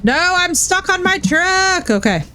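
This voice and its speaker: A Twitch streamer with a very high, sing-song voice chats unhurriedly with viewers while gaming, against a noisy background. She is candid, swears freely, and calls people bro and dude.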